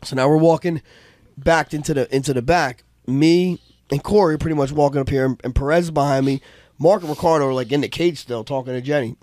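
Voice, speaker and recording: A middle-aged man on a casual podcast, telling fight stories in an animated, profane way and acting out other people's voices. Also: on the high side, brisk, no echo, studio quality. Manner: animated storyteller, profane, acts out voices loudly. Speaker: podcast co-host, fight coach.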